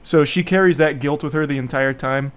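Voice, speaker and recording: A man's voice: on the high side, brisk, clear, resonant tone. A young man streaming, casually recapping a bad movie to his viewers in a sarcastic, profane, rambling way.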